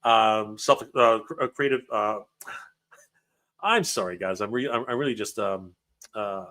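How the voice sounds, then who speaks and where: A man hosting a livestream, emotional and excited, often stumbling over his words while reading viewer comments. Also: lowish voice, unhurried. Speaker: livestream host.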